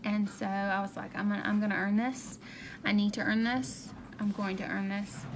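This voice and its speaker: A woman's voice: mid-range voice, level tone, normal speed, noisy background. A woman, a direct sales director, telling a candid and emotional personal story in a vlog, often repeating herself.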